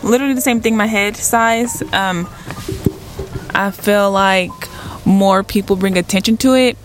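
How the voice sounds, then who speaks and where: Young woman, guest, medium pitch, candid rambling chat, faint music behind. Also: normal speed. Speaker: podcast guest. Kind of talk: casual podcast chat. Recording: background music under the voice.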